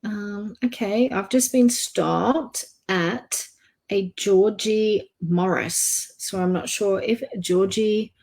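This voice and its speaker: A soft-spoken woman gives a live psychic reading online. She speaks gently and hesitantly, pausing on fillers as she goes. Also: medium pitch. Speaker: psychic reader.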